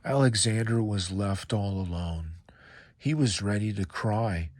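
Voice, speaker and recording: A man reading a children's picture book aloud in a calm, measured storytelling voice. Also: lowish voice.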